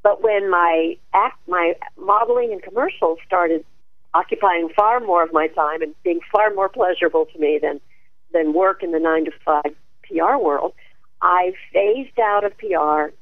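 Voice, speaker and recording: A woman guest, an actress and speaker, telling her life story in an animated way and laughing often. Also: on the low side, no echo. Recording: tinny dry phone line.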